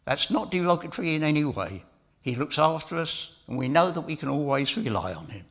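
A man's voice: a little high, sing-song, a little fast, fairly bright tone. A middle-aged man giving an informal sermon as preacher, telling a family story in a chatty way with asides to his listeners.

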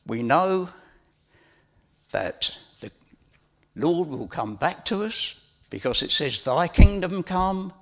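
A man's voice: medium pitch, sing-song, takes it slowly, vocal fry, pauses often, fairly bright tone. A middle-aged man giving an informal sermon as preacher, telling a family story in a chatty way with asides to his listeners.

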